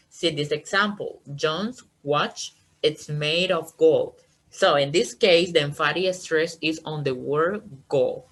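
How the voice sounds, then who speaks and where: A woman teaches an online English class, encouraging her students and checking understanding with "okay?" after each point. Her voice is low-pitched and a bit bright, and the recording quality is low.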